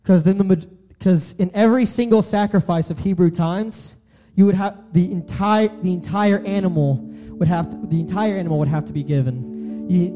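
A man's voice: high-pitched, normal speed, mellow, soft background music. A young man giving an earnest sermon, often restarting and repeating his phrases. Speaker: preacher.

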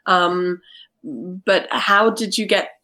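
A woman's voice: lowish voice, drawn-out words, bright, forceful tone. A woman hosting a podcast, asking tentative questions full of fillers. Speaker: podcast host. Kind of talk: interviewing.

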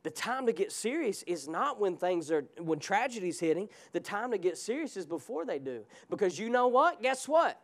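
A man's voice: high-pitched, sing-song, normal speed, hardly any pauses. A male pastor preaching a fervent sermon in a church, with call-and-response asides to the congregation. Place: church sanctuary.

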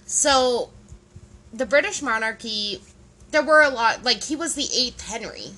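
A woman's voice: on the high side, animated, unhurried, sharp tone, low-quality recording. A woman co-hosting a casual podcast, explaining things patiently with lots of "like" and "right?" checks. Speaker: podcast co-host.

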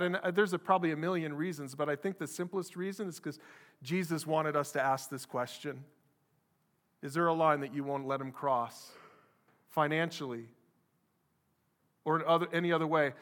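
Male pastor, animated sermon delivery, bright, sharp tone, big reverberant church hall. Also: fairly high pitch, normal speed. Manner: animated preaching, acts out quoted voices.

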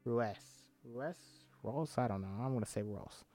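A man's voice: medium pitch, lively intonation, moderate pace, dark tone, faint music behind. A man hosting a comedy podcast, reading a screenplay aloud and breaking off into irreverent, swearing asides. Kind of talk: comedic script read-through.

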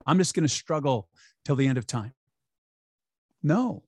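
A man's voice: mid-range voice, animated, measured pace, breathy edge, dry recording. Upbeat guy chatting as a guest, emphatic, dry close mic. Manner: upbeat, emphatic, acts out quoted voices. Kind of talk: conversational interview.

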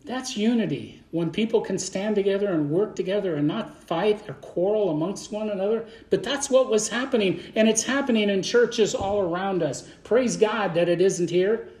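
A man's voice: high-pitched, moderate pace, few pauses, a little mellow. A man preaching a sermon as a Baptist pastor to his congregation, in a fervent, folksy way that often repeats words. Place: church sanctuary. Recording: echoey church room.

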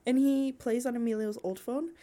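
A woman's voice: on the high side, normal speed. Giggly young woman telling stories. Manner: animated storytelling, acts out family quotes, laughs a lot. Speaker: podcast co-host. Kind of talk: casual chat.

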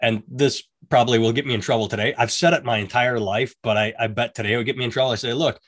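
Man, middle-aged, casual chat, rambling storyteller, acts out quotes, mid-pitched voice. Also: steady tone, quick pace, a bit bright, no echo. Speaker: podcast co-host.

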